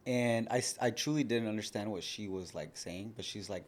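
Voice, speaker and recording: A man's voice: on the low side, steady tone, moderate pace, hardly any pauses, a little mellow. A man in his thirties, a podcast guest telling his own story frankly in a casual, conversational way. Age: 30s. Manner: frank, conversational, lots of "like" fillers. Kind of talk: candid personal storytelling.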